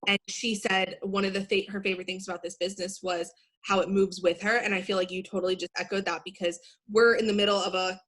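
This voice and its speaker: A woman's voice: medium pitch, flat delivery, fast, fairly bright tone. Enthusiastic rambling woman host. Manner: enthusiastic, rambling, many fillers. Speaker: interview host. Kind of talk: casual interview over video call.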